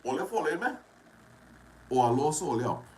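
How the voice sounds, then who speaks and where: A man with a Trinidadian accent tells a personal story to camera in a casual, animated way, repeating phrases for drama. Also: fairly high pitch, a little fast. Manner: animated, dramatic retelling with repetition and dialect.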